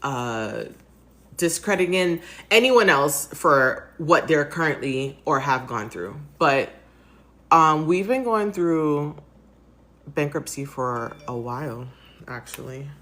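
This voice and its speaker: A woman in her thirties from the United States, tearful from crying, talking softly and haltingly in a personal vlog. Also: low voice, lively intonation. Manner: soft, halting, rambling with fillers. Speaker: vlogger.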